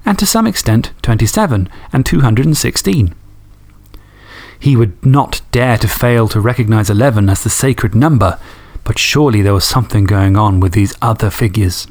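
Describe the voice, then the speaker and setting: A man hosting a podcast, reading fan stories and chatting enthusiastically, swearing casually. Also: mid-range voice. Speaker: podcast host.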